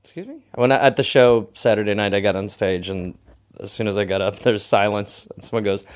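A man's voice: on the low side, steady tone, fairly quick. A man co-hosting a comedy podcast, joking playfully and rambling in casual banter. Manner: playful, rambling, breaks into silly voices. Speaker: podcast co-host.

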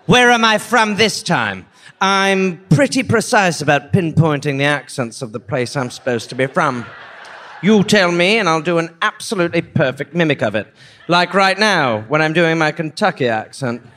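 A man puts on a boastful English deserter with a mock-posh put-on English accent, chattering away about his disguises. The voice sits high and bright, bouncing around in pitch, with a smug, self-satisfied sing-song. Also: lively intonation, normal speed. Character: pompous English male army deserter posing as Kentuckian. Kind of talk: improvised comic bit on a live podcast.

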